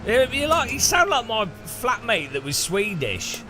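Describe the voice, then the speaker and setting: A British man whose voice sits high and sing-song keeps a moderate pace as he streams a racing game with music underneath. He offers casual commentary, teasing and joking with viewers.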